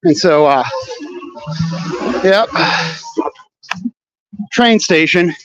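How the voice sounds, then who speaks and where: Dude rambling a sweary story while walking around outside, high-ish voice, muffled lo-fi audio. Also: male voice, animated, very slow, over music. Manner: rambling, profane, slangy retelling with many fillers. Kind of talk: casual storytelling vlog walking outdoors. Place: outdoors on city streets near a train station.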